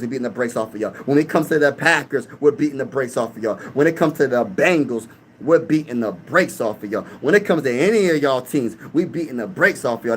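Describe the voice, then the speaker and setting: A young sports channel host from Pennsylvania reads his live-stream chat aloud, hyped and trash-talking through casual sports talk. His voice is a little high and a bit bright, with slight hiss or hum audible.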